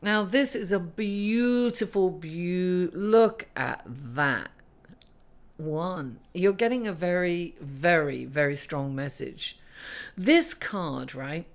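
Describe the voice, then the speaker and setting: A woman's voice: lowish voice, animated, takes it slowly. A middle-aged woman reading tarot cards for her viewers in an earnest, casual spiritual talk, sometimes laughing through tears. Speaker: astrology and tarot reader.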